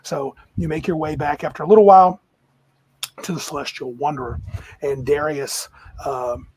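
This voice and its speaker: A man narrating a tabletop game as game master, his voice slightly husky and pitched a bit high. He describes scenes in a lively, rambling, descriptive way. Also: normal speed, low-quality recording.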